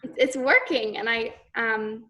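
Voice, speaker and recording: A young adult woman student speaking earnestly and haltingly about her voice. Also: fairly high pitch, bright, forceful tone, distant mic, a little hiss or hum. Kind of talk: casual chat.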